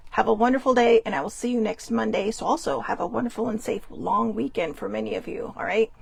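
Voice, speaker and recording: Gravelly chatty woman hosting a talk show. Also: fairly high pitch, brisk, no room sound. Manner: chatty, rambling and expressive, laughs often; calls herself loud and theatrical. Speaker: host. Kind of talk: casual solo talk show monologue. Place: at home in her bedroom.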